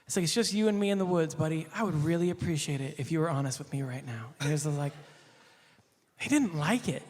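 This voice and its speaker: A male pastor telling a casual anecdote, animated, laughing often and acting out the quotes. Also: fairly high pitch, fast talker, big-room sound, a little hiss or hum.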